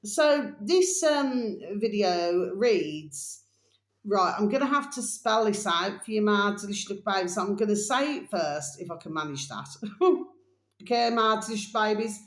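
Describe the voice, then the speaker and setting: A woman's voice: medium pitch, lively intonation, reverberant. A woman hosting a casual video channel, rambling and repeating herself, often addressing viewers with fond pet phrases in a sombre tone. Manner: rambling, repeats phrases and spells out titles slowly. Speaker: channel host.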